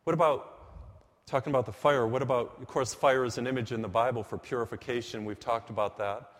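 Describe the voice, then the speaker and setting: A man preaching a sermon, emphatic and full of stories, slowing down and speeding up to drive his points home. His voice sits in a middle pitch. A long reverb from a big church hall trails each phrase. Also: fairly even intonation. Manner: storytelling, emphatic, varies pace for effect.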